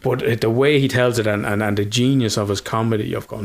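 Rambling, swearing man, lowish voice. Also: steady tone, fast talker. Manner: rambling, swears freely, laughs often. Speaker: podcast co-host. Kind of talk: casual chat.

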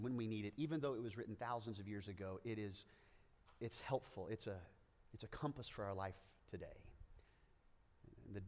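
A man preaching a sermon, joking and animated, with playful asides and frequent stammering restarts. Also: lowish voice, big-room sound. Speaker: pastor.

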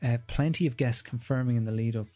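A man's voice: mid-range voice, fast, mellow, dull audio. Irish man hosting a podcast. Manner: chatty, plugs events and merchandise. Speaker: podcast host. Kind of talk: podcast ad read.

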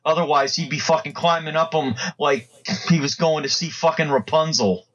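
A man's voice: fairly high pitch, moderate pace, fairly bright tone, highs cut off. A man co-hosting a podcast, rambling through crude jokes in casual chat and laughing often. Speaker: podcast co-host.

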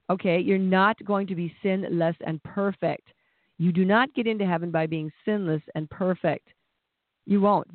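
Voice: mid-range voice, dry recording. A preacher giving a conversational sermon, plain-spoken, with restarts and acted-out voices. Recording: tinny phone-like dry sound.

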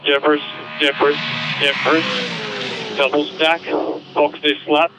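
Aussie guy barking clipped calls over race radio, flat gravelly voice, loud car noise behind. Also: fairly high pitch, slow pace. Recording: noisy race radio with engine sound.

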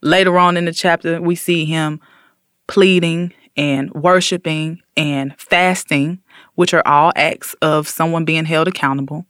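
A man casually retelling a story on a talk show, slangy and animated, acting out the quotes. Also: a little high, unhurried, clear, resonant tone, no room sound, studio quality. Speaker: podcast co-host.

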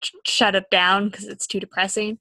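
A woman's voice: mid-range voice, little pitch movement, normal speed, sharp tone, no echo. A young woman co-hosting a podcast, chatting and explaining things in a casual, self-deprecating way. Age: young adult. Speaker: podcast co-host.

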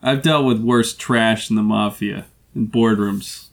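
A man's voice: on the low side, fairly even intonation, measured pace, pitched below the performer's own voice. A man voicing a curt, broke former corporate worker who speaks in a clipped, grudging way.

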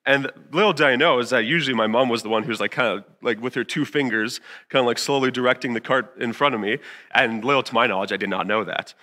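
A young man in his twenties preaches a relaxed church sermon, chatty and candid. His voice is bright and sits at a mid pitch. He fills gaps with fillers and acts out his own past lines with sudden jumps in pitch. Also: quick pace. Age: 20s. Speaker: youth pastor. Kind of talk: casual sermon with stories.

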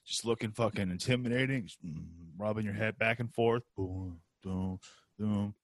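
A man's voice: lowish voice, a little fast, no echo. A man hosting a podcast, chatting casually and riffing on jokes and stories. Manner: joking, riffing, animated storytelling. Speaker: podcast host. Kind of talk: casual chat.

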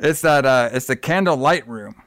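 A man's voice: medium pitch, normal speed, fairly bright tone, no room sound. Profane, rambling man on a dry mic. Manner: rambling, profane retelling with put-on voices. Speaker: podcast co-host. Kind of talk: casual film review chat.

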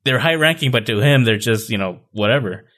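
A man's voice: medium pitch, brisk. Man talking films, acting out quotes. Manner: animated storyteller, acts out quotes. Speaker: podcast co-host. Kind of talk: casual chat.

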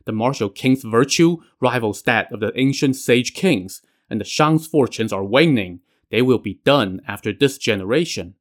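An earnest older male sage and prime minister speaks firmly about duty and heaven's will, as a man reading the tale puts him on. His manner is dutiful and steady, at a mid-range pitch. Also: moderate pace, hardly any pauses, close to an everyday voice.

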